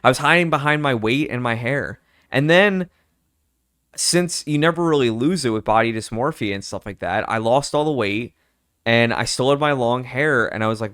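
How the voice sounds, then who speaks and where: A man's voice: mid-range voice, normal speed, fairly bright tone, no room sound, studio quality. A young man vlogging in a candid, rambling way, full of fillers and quoted thoughts. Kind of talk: personal casual chat.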